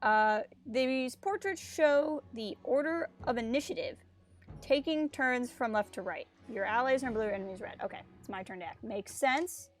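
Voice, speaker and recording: Woman streamer with a fairly high voice, casual and jokey gameplay commentary, game music faint underneath. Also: moderate pace. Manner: chatty, joking, reads on-screen text aloud.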